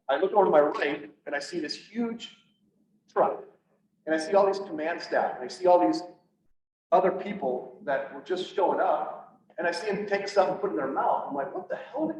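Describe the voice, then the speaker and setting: A man's voice: fairly high pitch, darkish tone. Man telling a raw personal story. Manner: candid, blunt, acts out quoted dialogue. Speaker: public speaker, police officer. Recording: echoey, distant, slightly dull, faint hiss.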